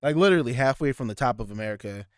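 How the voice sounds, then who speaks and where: This podcast co-host talks at a racing clip, animated and clear, his mid-range voice resonant, with studio-quality sound and no room noise. He rambles through casual chat full of restarts and fillers, now and then switching into silly affected voices.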